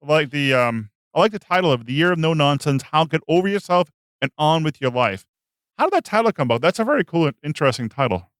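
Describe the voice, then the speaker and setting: A man hosting a podcast in a quick, chatty way, laughing along with his guest. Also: on the high side, big pitch swings, no room sound, clean studio sound. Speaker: podcast host. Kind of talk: casual interview chat.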